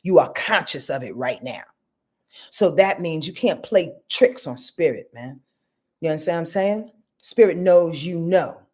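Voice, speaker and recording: Low, expressive and slightly rough, a woman's voice moves at a measured pace with a touch of mellowness. She hosts a blunt, profane astrology reading on a live stream via webcam or phone, calling viewers y'all and boo-boo.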